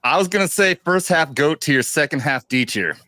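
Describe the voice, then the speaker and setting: A man's voice: on the high side, lively intonation, normal speed, pushed and bright, no echo, clean studio sound. A man on a casual panel, emphatic and swearing, arguing with mock seriousness. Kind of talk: casual debate chat.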